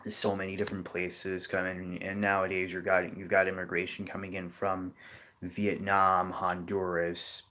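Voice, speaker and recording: A man with a low, deep voice talks through a geography lesson without a script. His delivery is loose and rambling, and he often falls back on "you know" while he thinks. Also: monotone, moderate pace, sharp tone, slight background noise. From New Orleans area, Louisiana. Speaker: geography video host. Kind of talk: unscripted explanatory talk.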